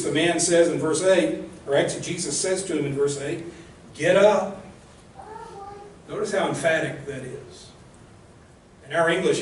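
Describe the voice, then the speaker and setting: In a church sanctuary, a male minister with a higher-pitched voice preaches earnestly and directly, often putting rhetorical questions to the congregation. The distant mic picks up room echo and a little hiss or hum.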